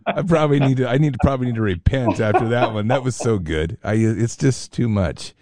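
A man's voice: medium pitch, a little fast, a little mellow. A man hosting a faith talk show, addressing his audience and affirming his guest. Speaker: host.

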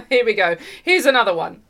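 A woman's voice: a little high, very animated, normal speed, very noisy. A woman from the UK hosting an online commentary show, speaking emphatically, repeating her points and addressing her viewers directly. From United Kingdom. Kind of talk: opinionated commentary.

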